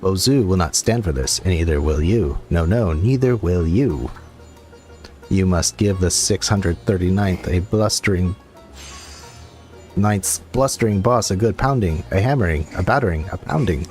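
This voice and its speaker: A man voicing a low, sly kobold miner. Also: normal speed, darkish tone, faint music behind, lightly acted. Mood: conspiratorial. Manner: sly, repetitive, mutters asides. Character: sly scheming male kobold miner, small and boastful.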